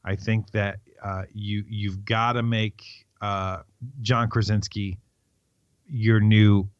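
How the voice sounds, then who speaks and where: On a movie podcast he co-hosts, a middle-aged man spins long, meandering stories in relaxed conversation, chatty and prone to cutting himself off. His fairly low voice is level and slow, and the dry, slightly dull lo-fi recording has no echo.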